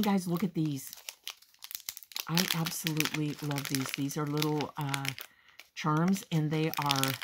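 A woman hosting a crafting haul video, chatting casually and gushing with excitement, often calling her viewers "guys". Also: fairly low pitch, slight background noise. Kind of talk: casual show-and-tell haul chat.

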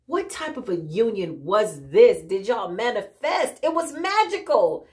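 A woman doing a casual spiritual tarot reading, animated and exclaiming often, with frequent laughs. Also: mid-range voice, a little slow. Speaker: tarot reader.

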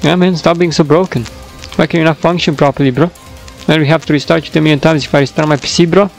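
A young man doing rambling voice-over commentary on his own gameplay, laughing often and getting loud when excited, recorded at his home computer. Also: a little high, quick pace, gravelly, faint music behind, poor audio. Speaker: gaming YouTuber. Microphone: desktop microphone.

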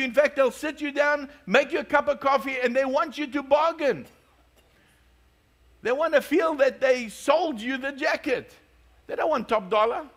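A male pastor with a notably high voice delivers a sermon. He tells stories and jokes with his congregation. His delivery stays lively and conversational. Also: measured pace, long pauses. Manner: storytelling, joking, lively.

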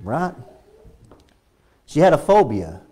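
A man with a Texan accent preaches in a church with an emphatic, storytelling delivery. His voice sits somewhat high and swings widely in pitch, breaking into shouted exclamations. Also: sing-song, slow, husky. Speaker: pastor. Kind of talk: sermon.

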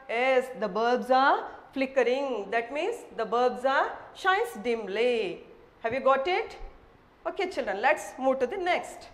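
A woman with an Indian English accent teaches young children at a deliberately slow pace. She spells out each word letter by letter and says every line twice. Her voice sits high. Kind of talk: slow classroom vocabulary lesson for children.

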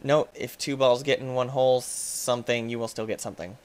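A young man giving let's play commentary, excitable and quick to get frustrated, yelling at the game between chatty asides to viewers. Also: mid-range voice. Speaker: gaming YouTuber.

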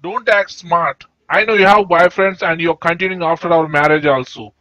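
A woman's voice: fairly low pitch, steady tone, moderate pace, a bit bright, dry recording, close to an everyday voice, low-quality recording. A woman voicing a jealous young male puppet husband in a comedy skit. He accuses his wife, then stammers and apologizes. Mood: accusing.

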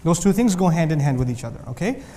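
A man teaching a class of students in a lively, animated lecture, mixing joking asides with emphatic repetition. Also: fairly high pitch, fast. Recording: long reverb of a large hall.

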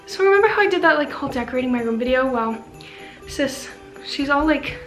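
Bubbly high-voiced young woman vlogger. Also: animated, fairly quick, a bit bright, reverberant, soft background music, rough recording. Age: young adult. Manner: bubbly, self-mocking, rambling with lots of "like". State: sleepless late at night. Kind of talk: casual vlog chat. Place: bedroom, then a room with a piano.

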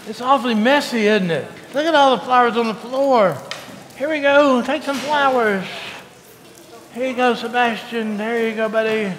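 Bright-voiced pastor in a reverberant church. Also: male voice, extremely high pitch, moderate pace, slight background noise. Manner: coaxing, call-and-response with children. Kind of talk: children's sermon. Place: church sanctuary.

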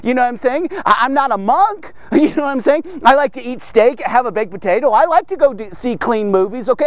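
A man hosting a daily men's devotional, teaching in an animated, conversational way full of rhetorical questions. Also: very high voice, fast talker, few pauses, no room sound. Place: studio man cave set.

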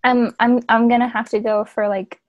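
A woman's voice: on the high side, level tone, no echo, dull audio. Giggly woman reading aloud on a dry video call. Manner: giggly, reads aloud haltingly, self-conscious. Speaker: reader in a group fanfic reading. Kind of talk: casual chat and reading aloud.

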